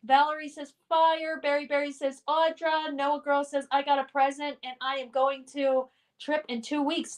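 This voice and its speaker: A middle-aged woman from Colorado hosts a livestream from home, reading viewers' chat comments aloud and running a guessing game. Her voice is high, level in tone, and at a normal speed.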